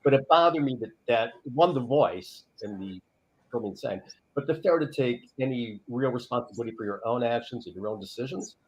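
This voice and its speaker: A man's voice: medium pitch, a little fast, a little mellow, breathy edge, muffled recording. A man on a panel giving a dry, sardonic verdict. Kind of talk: casual panel chat.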